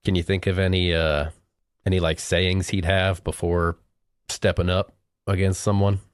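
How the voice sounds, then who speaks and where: Man, podcast host, low voice, deadpan, hesitant, dry close sound. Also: normal speed, clean tone, no room sound. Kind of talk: casual comedic chat.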